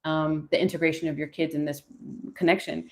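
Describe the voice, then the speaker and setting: Turning cards on a live tarot stream, a woman in her forties muses aloud to her viewers. She has a low, darkish voice with a flat, brisk delivery.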